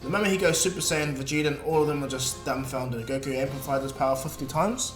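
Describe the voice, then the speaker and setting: A man's voice: medium pitch, quick pace. A man casually narrating a fan-made story, rambling with restarts and fillers. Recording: echoey room, faint music.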